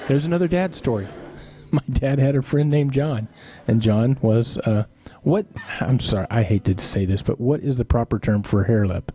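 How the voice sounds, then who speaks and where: Warm-toned and mid-range, this middle-aged streamer talks at a normal speed as he tells chat loose, wandering family stories. He chuckles along and throws in teasing asides while chatting casually with viewers.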